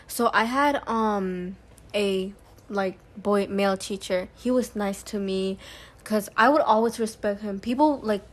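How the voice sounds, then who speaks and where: A woman's voice: medium pitch, unhurried. Young woman in earnest podcast chat. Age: young adult. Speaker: podcast co-host. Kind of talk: casual chat.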